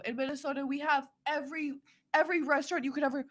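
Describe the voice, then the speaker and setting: A woman's voice: sits high, flat delivery, fast talker. A young woman talking as a guest in a casual live conversation, earnest and enthusiastic, laughing often.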